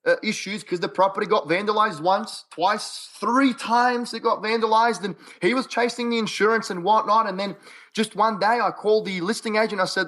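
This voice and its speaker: High-voiced Australian man, punchy talk. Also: fairly even intonation, moderate pace, a bit bright. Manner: punchy, quote-heavy, repeats himself for emphasis. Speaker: podcast guest. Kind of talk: casual interview chat.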